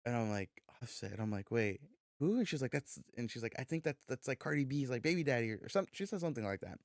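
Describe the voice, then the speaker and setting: A man co-hosting a podcast, telling a story in a loose, animated way, swearing freely and acting out the dialogue. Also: medium pitch, fast talker, no room sound, studio quality. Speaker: podcast co-host. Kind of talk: casual storytelling chat.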